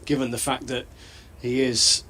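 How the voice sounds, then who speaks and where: A man giving thoughtful, measured live cricket analysis as co-commentator. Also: medium pitch, level tone, pushed and bright, slight background noise.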